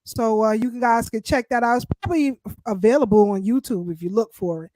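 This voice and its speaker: A woman co-hosting a casual political talk show, speaking in an animated, emphatic way. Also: on the high side, brisk, dry recording. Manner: animated, emphatic, speaks of herself as party founder. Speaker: show co-host.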